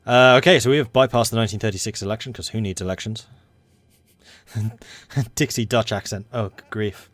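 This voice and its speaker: An excitable young Englishman rambling through commentary on a strategy game he is playing. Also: on the low side, racing, hardly any pauses. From England. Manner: excitable and rambling, self-described hyper. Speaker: let's play host. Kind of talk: gaming commentary.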